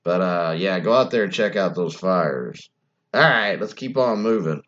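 A man's voice: deep voice, lively intonation, measured pace, fairly bright tone, muffled recording. A man hosting a casual show and telling ghost stories, rambling and adding wry asides. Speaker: host.

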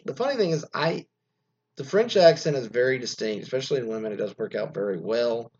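A radio host talks on his own in a casual ramble, losing his thread, piling on fillers and asides, and tossing in mocking, profane remarks. His medium-pitched voice is a little fast, creaky, husky and slightly mellow, heard through dull lo-fi sound.

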